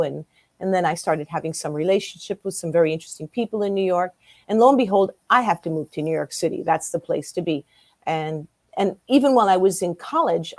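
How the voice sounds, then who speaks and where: A woman's voice: lowish voice, no echo. A woman in her fifties, a guest in an interview, telling a personal story casually and acting out the dialogue as she goes. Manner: animated storyteller who acts out quoted dialogue.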